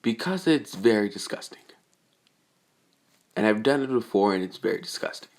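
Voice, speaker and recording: A blunt, matter-of-fact young male hero with a fairly low voice, as a man voices him in a casual retelling. He answers plainly and without fuss. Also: animated, moderate pace.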